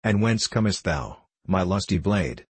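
A witty, jovial young outlaw full of teasing jests, as a man reads him aloud. His archaic lines come in a deep, slightly husky voice. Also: big pitch swings, measured pace, no room sound, heavily acted. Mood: jesting.

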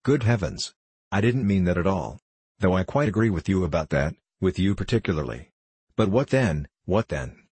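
A man reading as a nervous, genteel older gentleman who frets and is easily alarmed. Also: low-pitched, lively intonation, moderate pace, husky, no room sound.

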